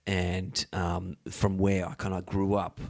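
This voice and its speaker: A man's voice: low voice, completely flat delivery, slow pace, creaky. An Australian man hosting a casual podcast chat, rambling with many fillers and restarts and swearing freely. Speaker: podcast host.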